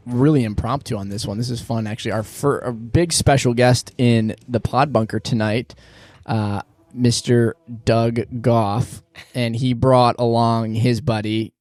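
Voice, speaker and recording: A man's voice: medium pitch, darkish tone, no echo. Guy hosting a podcast, upbeat and jokey, mid voice, dry close mic. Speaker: podcast host. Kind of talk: casual podcast chat. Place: small studio room.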